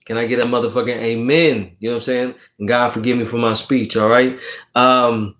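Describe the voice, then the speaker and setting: A man's voice: mid-range voice, level tone, a little fast, a bit bright. Man, mid-range voice, casual livestream chat, emphatic, preachy, swears casually. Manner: emphatic, preachy, checks in with listeners often; swears casually while encouraging. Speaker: tarot card reader on a livestream. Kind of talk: casual livestream chat, reading viewer comments.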